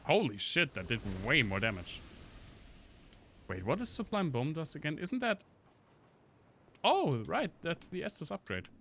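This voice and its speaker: A man's voice: on the high side, sing-song, measured pace, gravelly, pauses often, a bit bright, slight background noise. A man casually commenting on a game stream, joking and chatting with his viewers while he plays. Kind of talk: casual gameplay commentary to chat.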